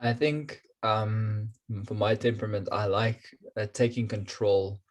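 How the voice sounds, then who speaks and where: Young south african guy on a video call, low voice, pauses a lot while he thinks. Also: fairly even intonation. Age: young adult. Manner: thoughtful, hesitant. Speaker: student group member.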